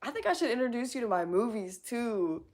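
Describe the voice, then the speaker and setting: A woman's voice: a little high, very animated, fairly quick, darkish tone. A woman live-streaming in casual chat, giggling often, reading chat aloud and swearing casually.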